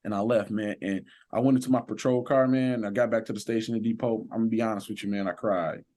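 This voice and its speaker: A man's voice: on the low side, fairly even intonation, fast talker, warm tone. A man who works as a sheriff's deputy, a guest on a podcast, telling a personal story with earnest, preacher-like emphasis.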